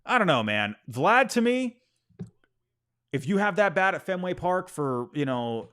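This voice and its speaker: Animated man ranting about sports. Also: high-pitched, unhurried. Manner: animated, exasperated, repeats himself, apologizes for ranting. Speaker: sports podcast host. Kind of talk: casual opinion rant.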